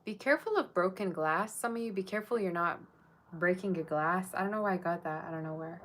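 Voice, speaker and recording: A woman's voice: fairly low pitch, fast, a bit bright, slight background noise. A woman giving a casual live-streamed tarot reading, chatting straight to her viewers in a musing, tentative way. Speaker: tarot reader.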